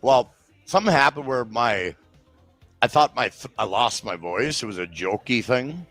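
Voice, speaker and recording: A man talking casually on a live show, swearing freely as he rambles through a story and drags out certain phrases for emphasis. His voice sits at an ordinary pitch, with faint music playing in the background. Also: animated, normal speed, fairly bright tone, no echo. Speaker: show regular. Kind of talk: casual live-stream chat.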